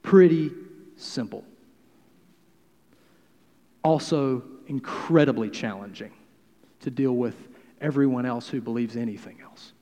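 A man in his thirties preaching a sermon in a conversational, humorous way, swinging between loud and quiet. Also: mid-range voice, a little slow, pauses often, in a large hall. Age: 30s. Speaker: pastor.

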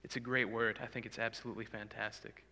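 Casting note: male preacher, earnest and pleading, bright forceful tone, long hall reverb. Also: on the low side, flat delivery, fast talker. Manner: earnest, pleading, swells loud for emphasis. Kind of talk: sermon.

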